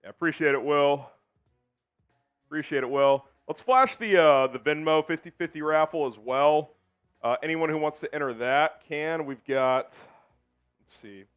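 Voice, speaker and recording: Relaxed male stream host, faint music. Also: fairly high pitch, measured pace, smooth. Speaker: host of a live sports stream. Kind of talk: casual live-stream chat.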